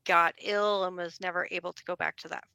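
A woman guest answering interview questions in a relaxed, wry, humorous way. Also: on the low side, a little fast, clean tone, dry recording. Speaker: bookstore owner, guest.

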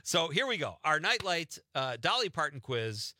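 A man's voice: on the high side, sing-song, moderate pace, bright, forceful tone, no room sound, clean studio sound. A man hosting a radio talk show, joking and laughing while he reads out a multiple-choice quiz. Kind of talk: casual radio chat and quiz.

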